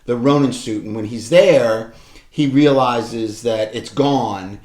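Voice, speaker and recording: A man's voice: slow pace, darkish tone. A man co-hosting a podcast, casually recapping a show and acting out the characters' lines. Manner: retells scenes acting out lines with shifts in pitch. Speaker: podcast co-host. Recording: echoey room.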